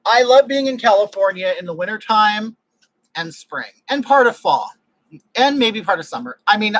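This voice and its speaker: A man's voice: sits high, a bit bright, no echo, rough recording. A man hosting a casual livestream from his home, chatting in a gushing, exclamatory way with viewers into a desk microphone. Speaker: livestream host. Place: home room with air conditioning.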